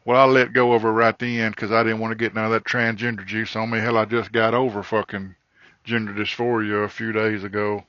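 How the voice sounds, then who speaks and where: A man's voice: lowish voice, a little fast, dry recording. A man, a trucker hosting a podcast, telling a crude comedic story in a rambling, profane way, recorded in his truck cab. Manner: profane, rambling, animated in the quoted parts. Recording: dull lo-fi recording, dry.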